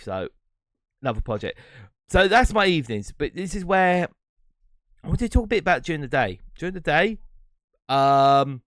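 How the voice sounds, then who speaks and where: A man's voice: mid-range voice, dry recording, studio quality. A man hosting his own podcast, talking alone in a rambling, reflective way and breaking into laughs now and then. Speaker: podcast host and streamer. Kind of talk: casual solo monologue.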